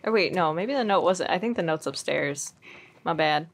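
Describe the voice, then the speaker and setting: This gaming streamer, a young woman, keeps up giggly, self-deprecating chatter over her let's-play. She talks at a moderate pace in an expressive, lowish voice.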